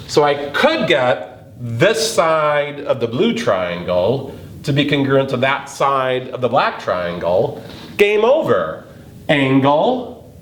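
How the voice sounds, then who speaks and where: A man teaching a geometry lesson, thinking aloud as he works through a proof step by step. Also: medium pitch. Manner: slow, thinking aloud while working a proof. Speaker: math teacher. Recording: roomy recording with faint noise.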